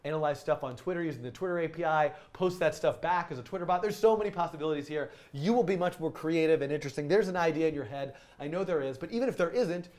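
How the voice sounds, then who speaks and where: A man's voice: fairly high pitch, fast talker, hardly any pauses, a little mellow. Upbeat man teaching a live stream. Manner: rambling, enthusiastic, many ums and restarts.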